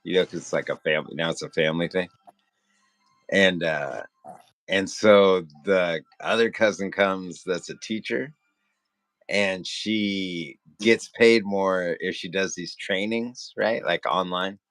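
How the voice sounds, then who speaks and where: A man in casual chat with the host on a livestream, telling a story in a relaxed way. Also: low voice, measured pace, no room sound.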